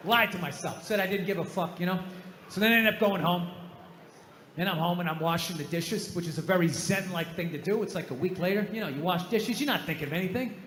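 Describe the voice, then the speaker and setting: A man's voice: high-pitched, fast talker, a bit bright, a little hiss or hum. A middle-aged man doing a stand-up comedy set, telling profane, exasperated stories in a ranting way. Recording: live stage recording with hall reverb.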